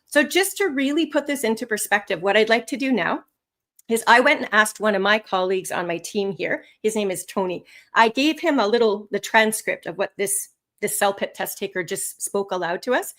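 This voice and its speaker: A woman instructor teaching English test skills on a live webinar, with lively, rising and falling intonation. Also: mid-range voice, moderate pace.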